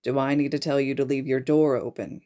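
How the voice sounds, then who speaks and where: A woman reading a podfic and voicing a tired father with a dry, low-key manner. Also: fairly even intonation, fairly quick, warm tone.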